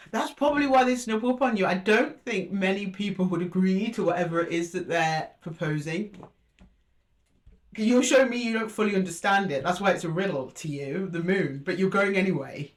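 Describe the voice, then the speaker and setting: A woman's voice: medium pitch, a little fast. A woman giving an intuitive tarot reading, chatty and musing aloud as she speaks fondly to her listeners. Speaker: tarot reader.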